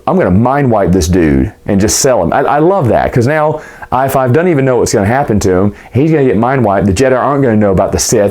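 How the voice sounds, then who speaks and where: A man talking through a book he just reread, in a loose and rambling way. He restarts sentences often and hedges as he goes. His pitch sits in an ordinary middle range for a man. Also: a little mellow. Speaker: book reviewer. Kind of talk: casual book recap vlog.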